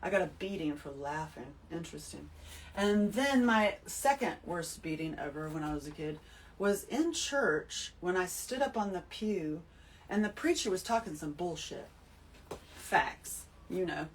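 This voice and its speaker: A woman giving an emphatic, animated spiritual talk to her listeners, full of swearing. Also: lowish voice, measured pace, recorded from a distance, poor audio. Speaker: host. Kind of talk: spiritual monologue to camera.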